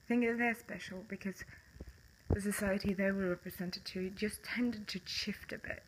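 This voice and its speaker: A woman's voice: mid-range voice, normal speed, noisy background. A young woman with a Swedish accent, speaking English in a casual monologue to camera, passionate and blunt, swearing often and breaking into bitter laughs.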